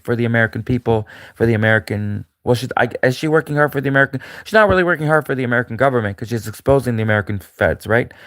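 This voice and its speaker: A man's voice: mid-range voice, a bit bright, no room sound, clean studio sound. A man talking alone in a rambling, repetitive monologue with many fillers and restarts. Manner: rambling, repetitive, frequent fillers and restarts, mocking put-on voices. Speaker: commentator.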